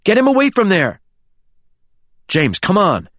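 A man voicing an urgent, commanding young woman who gives quick orders. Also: high voice, huge pitch swings, a bit bright, dry recording, pitched above the performer's own voice, full character voice.

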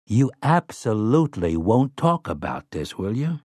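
A sly, easygoing schemer, played by a man, breezy and conspiratorial with folksy turns of phrase. His speech has a low, lively pitch and an unhurried pace. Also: no room sound, studio quality.

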